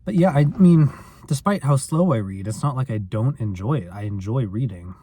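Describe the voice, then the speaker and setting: A man's voice: medium pitch, expressive, moderate pace, warm tone, slightly rough. A man vlogging in a rambling, self-deprecating casual chat, full of filler words.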